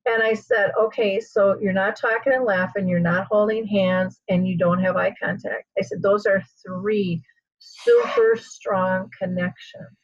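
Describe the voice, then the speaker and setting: A woman hosts an interview and tells a story with energy, acting out the voices of the people in it. Her voice is a little husky. The recording is dry and slightly muffled. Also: mid-range voice, measured pace, no echo. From United States. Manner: animated storyteller, acts out quoted voices. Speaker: host. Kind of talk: conversational interview, telling a personal story.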